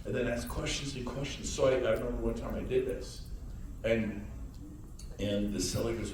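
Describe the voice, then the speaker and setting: A man gives a lively motivational talk to a room of listeners, now and then acting out other people in loud mocking voices. He sounds far from the microphone, and his voice rings in a very echoey room. A faint hum of room noise sits underneath. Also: mid-range voice, normal speed. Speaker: real estate speaker. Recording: echoey room heard from a distance.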